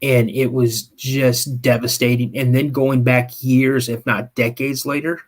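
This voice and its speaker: An animated man spins a scene for his listeners, pulling them in with "you" and stopping often to check that they are following. His voice sits at an ordinary middle pitch and rises when the story turns tense. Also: unhurried. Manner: animated, builds scenes with second-person storytelling; frequent restarts and repeated "okay?". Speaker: podcast co-host. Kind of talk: live-stream storytelling chat.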